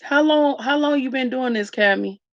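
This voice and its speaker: Woman vlogger, gravelly, venting to her live chat; dull dry lo-fi sound. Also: sits high, moderate pace, no room sound. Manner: raw, emotional, addresses viewers as y'all. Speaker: vlogger talking to live viewers. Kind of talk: candid story-time livestream chat.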